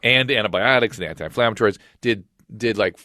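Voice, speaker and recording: A man's voice: lowish voice, dry recording. A middle-aged man, a podcast host and physician, telling a personal story in casual conversation and acting out the voices of the people in it. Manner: brisk, animated retelling with quoted dialogue.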